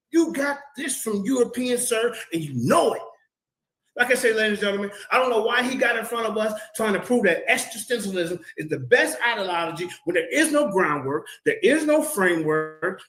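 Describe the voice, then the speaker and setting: A man's voice: high voice, animated, brisk, a bit bright, echoey room, low-quality recording. A man delivering a fiery rebuttal in an online debate, repeating himself in a preacher-like cadence. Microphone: video call.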